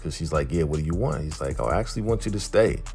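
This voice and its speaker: A man casually recapping a TV episode, retelling scenes in a lively way and acting out the characters' lines. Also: rumbling low, fast talker, vocal fry, soft background music. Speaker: TV recap host.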